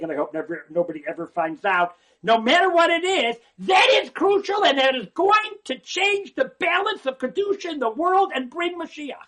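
A man giving an animated religious talk, swinging from hushed asides to near-shouting and often repeating words. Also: extremely high pitch, breathy edge.

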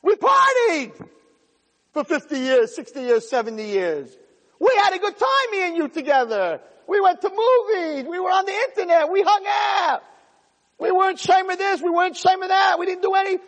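A man voicing a brash, boastful tempter spirit who shouts about the good times. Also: extremely high pitch, animated, moderate pace, pitched above the performer's own voice, heavily acted. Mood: gleeful. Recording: long hall reverb.

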